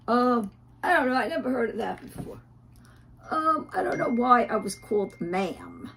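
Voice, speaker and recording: A woman's voice: on the high side, sing-song, normal speed, fairly bright tone. A woman ranting on a livestream, profane and indignant, with frequent fillers and restarts.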